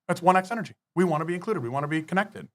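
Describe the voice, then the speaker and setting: Male podcast guest, a bit high-pitched, emphatic and profane, lecturing style. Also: racing. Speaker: business guest. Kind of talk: podcast interview.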